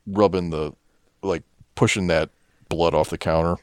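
A man co-hosting a casual movie commentary in a laid-back, deadpan, profane manner. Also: low-pitched, a little slow, clear, resonant tone, no room sound, studio quality. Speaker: podcast co-host.

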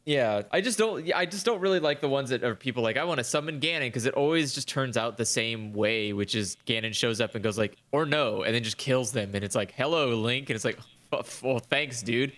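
A man's voice: mid-range voice, a little fast, hardly any pauses. A man in casual conversation about video games, swearing freely and acting out characters' lines. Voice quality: animated, profane, acts out characters in quotes.

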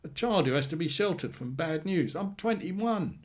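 A man's voice: mid-range voice, sing-song, moderate pace, darkish tone, pitched above the performer's own voice, natural voice. A man voicing an angry young man in his twenties who swears bluntly and bitterly about his father.

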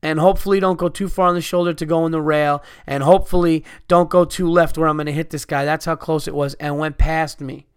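A man's voice: fairly high pitch, fairly even intonation, fairly quick, hardly any pauses, smooth, no room sound, studio quality. A man in his thirties telling a heated, profane story as a podcast host, ranting and swearing. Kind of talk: angry storytelling rant.

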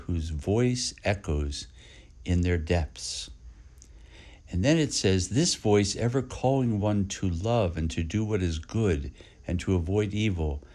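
A man, a priest, giving a reflective podcast homily in a gentle way, with pauses and repeated phrases. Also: deep voice.

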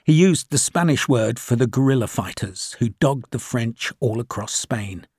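A man reading a novel aloud as the audiobook narrator, in measured, even storytelling. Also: mid-range voice, husky, dry recording, studio quality.

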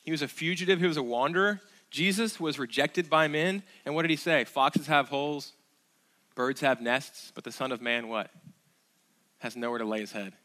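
A man's voice: mid-range voice, normal speed, pushed and bright. A man preaching a sermon as pastor, earnest, asking the congregation rhetorical questions, with fillers and restarts.

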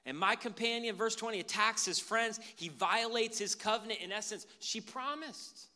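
A man preaching a sermon as pastor, animated and conversational. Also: high-pitched, normal speed.

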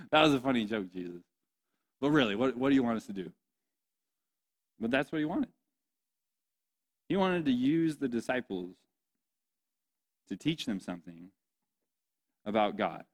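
A young man preaching a sermon in a playful, joking way, often asking the audience questions. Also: fairly low pitch. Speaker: pastor.

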